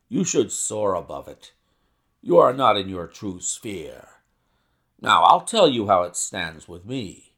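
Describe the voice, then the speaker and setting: A man voicing a brisk, sharp-spoken, bearded financial agent who flatters loudly in a story reading. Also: fairly low pitch, full character voice. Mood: effusive.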